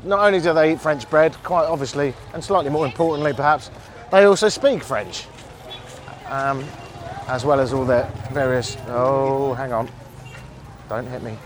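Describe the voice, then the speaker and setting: A man's voice: mid-range voice, a little hiss or hum. A man hosting a travel podcast while walking through an outdoor street market, chatting with wry, rambling asides. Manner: rambling, wry asides and quick self-corrections.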